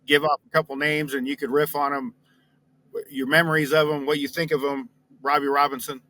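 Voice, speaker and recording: A man's voice: on the high side, little pitch movement, a little fast, bright, forceful tone, a little hiss or hum, low-quality recording. A man asking eager questions in a casual interview.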